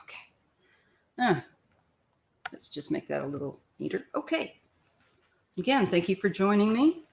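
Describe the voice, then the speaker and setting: An older woman from Missouri, a tarot reader chatting loosely through a live-stream reading, clearing her throat often. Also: mid-range voice, sing-song, a little slow, long pauses, a little hiss or hum.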